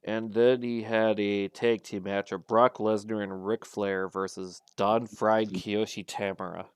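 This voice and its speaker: Low-voiced man in casual game commentary. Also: level tone, a little slow, smooth, no room sound. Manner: rambling, laid-back, full of wrestling trivia.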